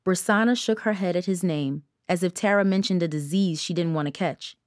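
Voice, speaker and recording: A woman reading an audiobook with measured, even storytelling narration. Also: on the low side, no room sound, clean studio sound. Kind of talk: scripted narration.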